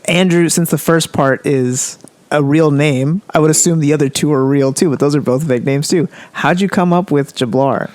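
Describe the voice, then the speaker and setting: A man's voice: a little high, normal speed, darkish tone, no room sound. A man hosting a podcast in a casual interview chat, enthusiastic and rambling. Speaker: podcast host.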